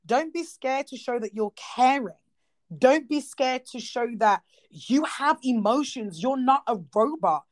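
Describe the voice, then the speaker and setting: Lively woman in casual chat. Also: high-pitched, measured pace. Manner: animated, laughs often, playful asides.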